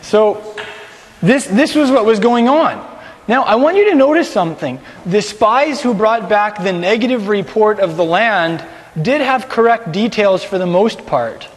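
A man's voice: high voice, lively intonation, a little slow. A man teaching a Bible lesson to a group, explaining scripture casually and directing a skit in a large hall. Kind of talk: sermon with a class skit.

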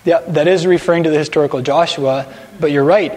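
A man with a high voice gives a loose, conversational sermon to a congregation. He stumbles over words and has his listeners say things back to him. His voice rings with a long echo, as if he is in a large hall. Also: fairly even intonation, fast, darkish tone. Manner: chatty, repeats words, has listeners repeat after him. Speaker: congregation teacher.

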